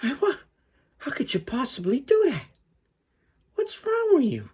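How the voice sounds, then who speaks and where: Guy doing a high shrill italian-american rant, total disbelief, husky edge. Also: wildly swooping pitch, a little slow, darkish tone, heavily acted. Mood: exasperated. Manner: incredulous, high-pitched outburst. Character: exasperated Italian-American man ranting.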